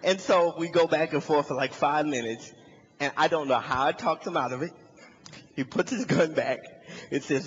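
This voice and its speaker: A husky young comedian speaks at normal speed as he tells a story before a live hall audience, bringing each character to life with high, animated shouts. The room sounds big, and the highs are cut off.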